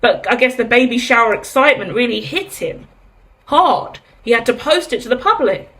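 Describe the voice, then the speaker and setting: A woman's voice: fairly high pitch, lively intonation, normal speed, a bit bright. A woman in her thirties giving a candid, chatty tarot reading, asking herself rhetorical questions and swearing freely. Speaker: tarot reader. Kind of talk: casual tarot reading monologue.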